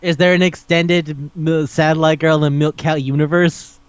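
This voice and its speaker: A man co-hosting a podcast, ranting in disbelief with rapid questions and lots of swearing. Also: a little high, flat delivery, clean tone, no room sound, lo-fi sound. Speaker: podcast co-host. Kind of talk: casual chat.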